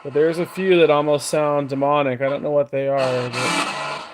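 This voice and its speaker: A man's voice: on the high side, fairly even intonation, normal speed, noisy background. A man running a ghost box session, coaxing spirits with questions in a casual way. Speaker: paranormal investigator. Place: house, indoors.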